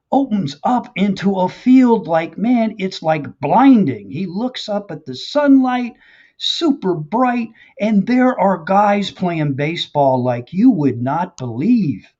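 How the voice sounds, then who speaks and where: A man's voice: high voice, darkish tone. Folksy man telling a rambling story. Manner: folksy, rambling, many "you know" fillers. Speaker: live stream host. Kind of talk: casual storytelling and motivational chat. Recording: dull lo-fi stream audio.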